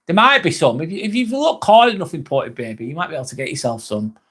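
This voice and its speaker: Brief: male live-streamer, casual and sweary, reads chat aloud, slightly higher voice. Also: big pitch swings, quick pace, a bit bright, slightly rough. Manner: chatty, swears casually, laughs at comments. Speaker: live vlog host reading chat.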